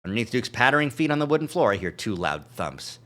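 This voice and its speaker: A man's voice: mid-range voice, sing-song, fast talker, fairly bright tone. A male streamer reading a visual novel aloud on a live stream, adding joking asides. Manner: reads narration with asides and chuckles.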